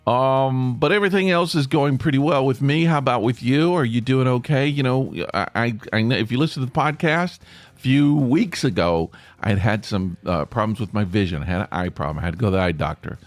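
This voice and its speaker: A man's voice: medium pitch, lively intonation, a little fast, no echo. A middle-aged man hosting his own podcast, rambling and self-deprecating as he talks straight to his listeners. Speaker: podcast host. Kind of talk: casual solo podcast monologue.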